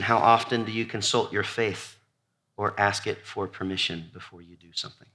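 Pregador animado de voz brilhante. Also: male voice, mid-range voice. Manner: animated preaching, drops to near-whisper on repeated lists, calls out to congregation. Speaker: pastor. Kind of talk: sermon. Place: church before a congregation.

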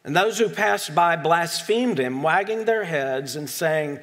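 A man's voice: a little high, lively intonation, a little slow, hardly any pauses, a bit bright. A male pastor reads scripture aloud and explains it in a casual, digressive way, with self-deprecating asides. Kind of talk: conversational sermon reading and explaining scripture.

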